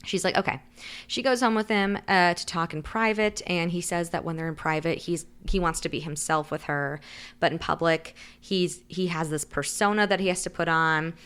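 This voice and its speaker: Low-voiced chatty woman recapping a book. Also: fairly even intonation, moderate pace, fairly bright tone, clear, resonant tone. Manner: chatty, heavy use of "like"; acts out quotes in shifting voices. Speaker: podcast co-host. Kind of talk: casual book recap chat.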